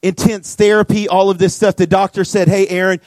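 A young man, a youth pastor, preaching to students and telling a personal story in an earnest, animated way with many casual fillers. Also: high voice, fairly quick, no room sound. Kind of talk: sermon to students. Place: church youth room.

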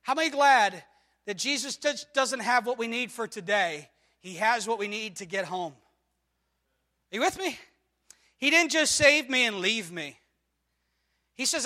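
A man preaching a sermon to a congregation, moving from low questioning to loud, emphatic declarations. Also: very animated, normal speed, pauses often. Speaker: pastor.

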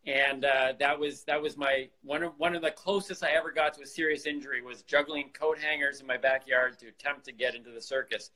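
A man's voice: mid-range voice, fairly even intonation, brisk, hardly any pauses, bright, forceful tone, low-quality recording. A man chatting casually in an amused, rambling way. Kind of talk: casual chat.

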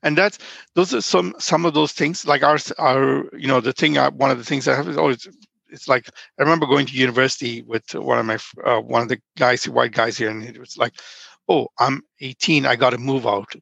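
Give me a middle-aged podcast guest from Nigeria with a gravelly, creaky voice who tells stories in long, winding runs. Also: male voice, medium pitch, steady tone, fairly quick, a bit bright, no room sound, highs cut off. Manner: rambling storyteller, frequent restarts. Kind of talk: casual conversation.

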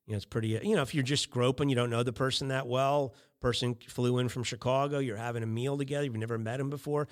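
A man's voice: mid-range voice, fast. A middle-aged man hosting a podcast, giving casual coaching on small talk with lots of fillers and acted-out sample chats. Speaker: podcast host.

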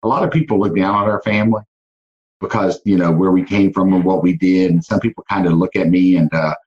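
Deep-voiced Southern man with a twang. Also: fairly quick, a little mellow. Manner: earnest storytelling with many restarts. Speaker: guest, car dealership owner. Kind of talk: casual podcast interview. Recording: dull lo-fi sound.

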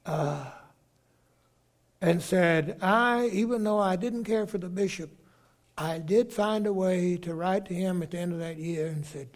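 An older man, a bishop preaching a sermon, telling a story with halting restarts and acting out the voices of the people in it. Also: high voice.

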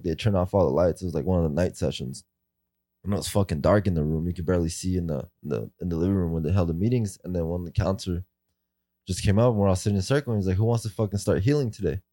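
A man with a deep, warm voice talks casually and at length, tumbling through his story with constant fillers and frequent swearing. The sound is dry and close. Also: dry recording. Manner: rambling, fillers and profanity. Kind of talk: casual chat.

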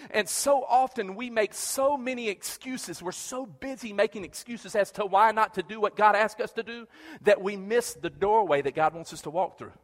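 A man preaching a sermon, animated, acting out quoted prayers and often repeating words as he starts a phrase. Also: sits high, long reverb tail.

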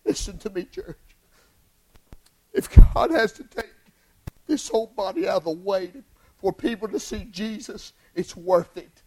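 A male preacher delivering an impassioned sermon in church, swinging from hushed lines to shouted ones. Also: high voice, expressive, measured pace, pauses often, husky, poor audio.

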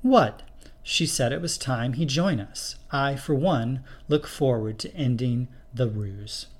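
A man's voice: medium pitch, unhurried, close to an everyday voice. A man reading the part of an old male nursing home resident who talks bluntly and eagerly.

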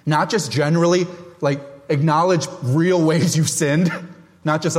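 Pastor, man, middle-aged, booming sermon delivery with wry asides; reverberant sanctuary. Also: steady tone, unhurried. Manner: loud, emphatic, self-deprecating humor.

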